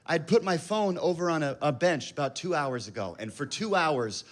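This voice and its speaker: A man's voice: on the high side, lively intonation, moderate pace. A man in his thirties telling a rambling, self-mocking story as a stand-up comedian on a club stage. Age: 30s.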